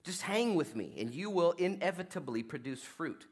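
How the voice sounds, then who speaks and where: This pastor delivers his sermon conversationally, talking fast, laughing at his own jokes, and swinging from loud, emphatic bursts to hushed asides. His voice is fairly high and expressive, with a breathy edge.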